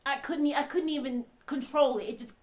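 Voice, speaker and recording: Woman, fairly high voice, emotional first-person storytelling, halting delivery with frequent restarts. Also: darkish tone. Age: adult mother. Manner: halting, many restarts, acts out quoted dialogue. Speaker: vlogger telling a personal story.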